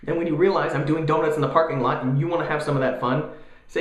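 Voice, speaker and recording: Young man, vlogger, slightly high voice, casual rant, echoey room. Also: fast talker. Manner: animated, jokey, mocking voices. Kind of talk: casual ranting vlog.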